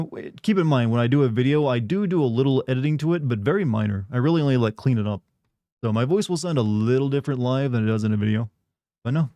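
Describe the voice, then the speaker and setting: Mellow-voiced sardonic male streamer. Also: mid-range voice, no echo, studio quality. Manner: rambling, sardonic, many "like" fillers. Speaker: game streamer. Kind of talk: casual chat with stream viewers.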